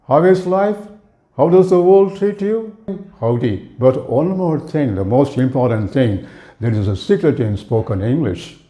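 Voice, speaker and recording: A man's voice: medium pitch, warm tone. Man teaching English phrases in an echoey room. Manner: repeats example phrases slowly with sing-song emphasis; asks the listener if they got it. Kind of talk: spoken English lesson.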